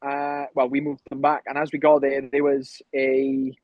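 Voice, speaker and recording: A man's voice: medium pitch, monotone, moderate pace, dry recording, dull audio. A Welsh man from Wales, a professional fighter telling rambling stories full of ums in a casual interview. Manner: rambling anecdotes with frequent ums.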